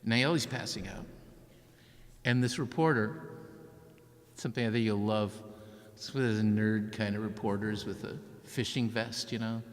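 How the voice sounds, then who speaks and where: A man's voice: lowish voice, fairly even intonation, moderate pace, pauses often. A man giving a keynote speech as an author, telling a story vividly and acting out what people said. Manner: vivid storyteller who acts out quotes. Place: large church hall. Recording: long church reverb.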